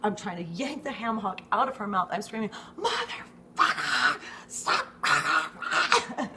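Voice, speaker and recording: A middle-aged woman from the United States telling an exasperated, animated story in a casual vlog, swearing freely and often tagging her lines with "okay?". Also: medium pitch, brisk, heavy background noise. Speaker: vlogger, dog owner.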